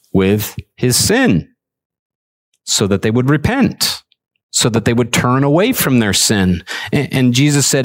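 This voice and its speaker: Earnest man preaching a sermon. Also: medium pitch. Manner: earnest, repeats words, animated preaching. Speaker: pastor. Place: church service.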